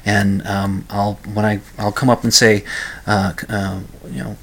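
A man's voice: on the low side, little pitch movement, unhurried, vocal fry, fairly bright tone. A man hosting his own talk show alone, rambling and self-deprecating, with many restarts and fillers. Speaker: podcast host. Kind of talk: casual solo monologue.

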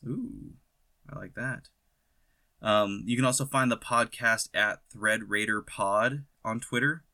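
A man hosting a podcast in casual banter, sarcastic and quick to argue, swearing now and then. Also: lowish voice, sharp tone. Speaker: podcast host. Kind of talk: casual chat.

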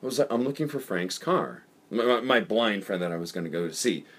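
A man spins a long, rambling story on a podcast, his pitch leaping and dipping with lively energy. He curses freely and stumbles through restarts and fillers as he talks. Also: a little fast, slightly rough. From United States. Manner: rambling, animated, swears freely, lots of fillers. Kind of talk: casual storytelling.

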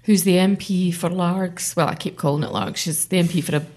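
A woman's voice: fairly low pitch, steady tone, brisk, darkish tone. Woman, middle-aged, earnest, rambling, interview guest. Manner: earnest, rambling, with frequent fillers and restarts. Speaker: member of parliament. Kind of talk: conversational interview.

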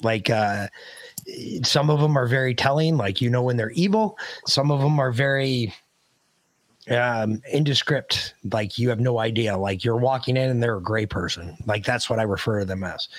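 A middle-aged man hosting a podcast, telling stories in a loose, profane, animated way. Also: medium pitch, normal speed, dry recording. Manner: loose, swearing, animated retelling. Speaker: podcast host. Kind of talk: casual chat, profane storytelling.

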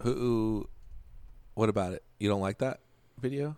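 A man's voice: fairly low pitch, moderate pace, warm tone, clear, resonant tone, no room sound. Blunt, opinionated man, dry close sound. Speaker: podcast co-host. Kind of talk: casual chat.

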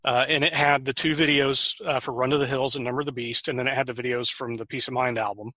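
A man's voice: mid-range voice, level tone, fast, sharp tone, dry recording. A middle-aged man co-hosting a podcast, chatting casually and trailing off with ums and uhs. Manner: talkative, trails off with fillers. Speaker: podcast co-host. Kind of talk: casual chat.

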